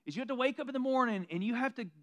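A pastor preaching a sermon in a conversational, self-deprecating way, slipping into mocking quoted asides. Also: male voice, very high voice, rapid-fire, a bit bright, highs cut off.

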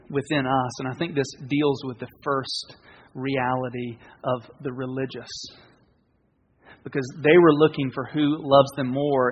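A man preaching a sermon as pastor, earnest and conversational, with pauses and restarts. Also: medium pitch, slightly rough. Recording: dull, reverberant hall sound.

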